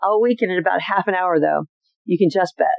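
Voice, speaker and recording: A podcast host reads old family letters aloud with an expressive, chatty delivery and adds personal asides between them. The voice has a gravelly, creaky edge. It sits in a dry, dull, slightly lo-fi home recording. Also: medium pitch, a little fast, no echo.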